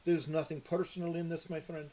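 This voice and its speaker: A man's voice: fairly high pitch, brisk, pitched above the performer's own voice, natural voice, poor audio. A man playing a politely menacing fire sorcerer. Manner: courteous, calm threats.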